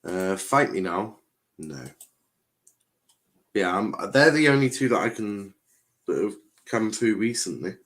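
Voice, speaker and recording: This young man's voice sits on the low side, with expressive, unhurried delivery, frequent pauses, and a fairly bright tone. He streams a football watchalong, chatting casually and reading viewer comments aloud. His talk rambles, repeats phrases, and is packed with fillers.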